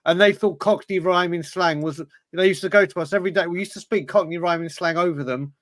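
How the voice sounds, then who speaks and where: A man's voice: sits high, quick pace, fairly bright tone, no echo, studio quality. A man, co-hosting a podcast and telling a story while ribbing his mates in casual banter. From England. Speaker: podcast co-host.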